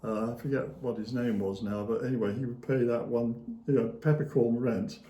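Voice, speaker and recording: Here a male author talks as an interview guest, loosely recounting history with frequent fillers and soft chuckles. His mid-range voice is warm and steady, moving a little fast, though the audio sounds dull. The echoey room frames this casual storytelling exchange.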